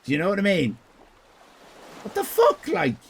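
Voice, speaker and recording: Man doing a shrill old codger, crude, squawking rant, high and swooping. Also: huge pitch swings, normal speed, vocal fry, a little hiss or hum, heavily acted.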